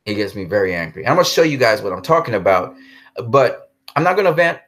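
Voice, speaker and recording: Man, live stream host, fairly low voice, worked up and repetitive, talks right to viewers, reads chat. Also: very animated, fast, a bit bright. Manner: heated and repetitive, addresses viewers directly; reads out and answers chat comments. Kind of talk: casual live stream talk.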